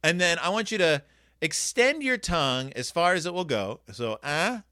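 A man's voice: a little high, lively intonation, moderate pace, sharp tone, smooth, no room sound, studio quality. A man giving a casual, rambling and jokey review of a children's book on his video channel.

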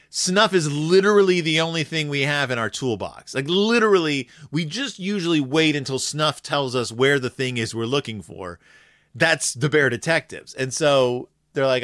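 A man casually recapping a cartoon episode, sarcastic and animated, acting out the characters in quick asides. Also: on the high side, no echo, clean studio sound. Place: home room with shelves of toys.

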